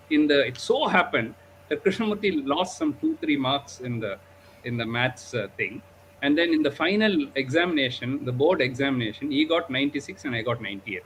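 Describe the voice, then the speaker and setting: A man's voice: on the high side, fairly bright tone, a little hiss or hum, poor audio. A man, a diabetes doctor, telling a story animatedly in a live discussion, often adding 'okay?' and 'you know'.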